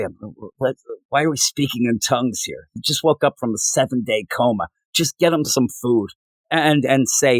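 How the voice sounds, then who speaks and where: A man chatting on a podcast, retelling a comic scene by scene with rambling asides and quick paraphrased quotes. His voice sits at a middle pitch. The sound is dry and close. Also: no room sound. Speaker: podcast co-host reviewing comics. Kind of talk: casual chat.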